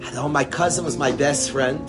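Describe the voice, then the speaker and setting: Rambling, lively male storyteller over music. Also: medium pitch, brisk. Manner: lively, rambling, sprinkles in Yiddish words. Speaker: storyteller and speaker. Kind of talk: animated storytelling talk with a lesson.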